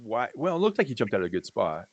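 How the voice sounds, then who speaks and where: Rambling, joking man, low voice. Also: very animated, fast talker, dry recording, lo-fi sound. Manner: joking, rambling, self-interrupting. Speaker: livestream co-host. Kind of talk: casual trading chat.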